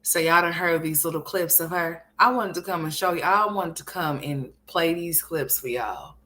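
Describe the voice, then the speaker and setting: A woman hosting a reaction commentary, talking in a sassy, scolding way with drawn-out emphasis. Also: lowish voice, sharp tone. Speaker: commentary channel host.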